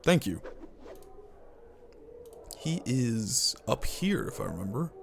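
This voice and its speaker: A man live-streaming a game playthrough, reading out its text and reacting loudly with swearing. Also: medium pitch, slow pace, vocal fry, slight background noise. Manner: excitable, swears at surprises. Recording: music playing under the voice.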